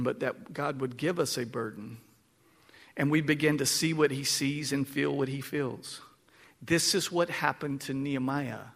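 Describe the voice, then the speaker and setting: A man preaching a sermon, dropping to a hush and then rising to shouts. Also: fairly high pitch. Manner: swings from hushed to shouting. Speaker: pastor.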